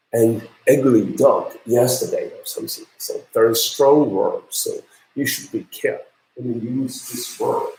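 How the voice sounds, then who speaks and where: Slow, halting lecturer in an echoey room. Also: male voice, medium pitch, vocal fry, darkish tone. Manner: halting, many ums and uhs. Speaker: university lecturer. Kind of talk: classroom lecture on pronunciation.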